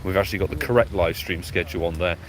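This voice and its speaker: A man's voice: deep voice, rapid-fire. A man hosting a live stream, chatting casually, greeting viewers by name and catching his breath. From United Kingdom. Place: outdoors by a road. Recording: clear outdoor traffic noise.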